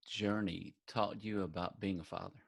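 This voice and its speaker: A man hosting an interview, asking relaxed, friendly questions in a drawn-out way. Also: deep voice, creaky, husky, no echo. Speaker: interview host.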